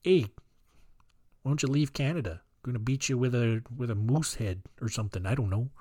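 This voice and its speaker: A man's voice: medium pitch, brisk, warm tone, dry recording, pitched below the performer's own voice, natural voice. A man voicing a mock friendly Canadian man in an exaggerated folksy drawl, with a dry, close sound.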